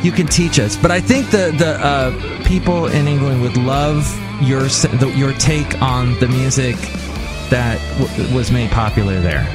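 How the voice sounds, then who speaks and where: A man's voice: medium pitch, a little slow, over loud music. A man hosting a podcast interview, chatting casually and reacting eagerly to his guest. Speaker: podcast host.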